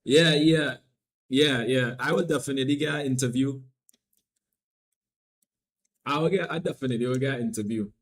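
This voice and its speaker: On a casual live stream, a young man with a Trinidadian accent keeps things playful, repeating himself and alternating between loud hype and low mumbling. He talks at normal speed and pauses often.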